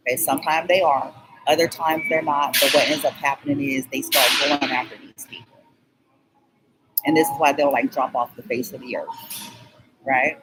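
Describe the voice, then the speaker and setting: A woman's voice: sits low, background noise. A woman vlogger telling a rambling personal story, keeps checking in with "okay?" and skipping details with "blah, blah".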